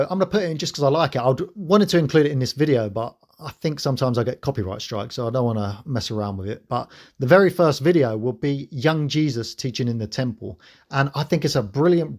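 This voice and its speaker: A man speaks straight to his viewers in an earnest, preachy spiritual monologue. His voice sits at an ordinary middle pitch, and he sounds like a host talking to camera about faith. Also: darkish tone. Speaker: channel host.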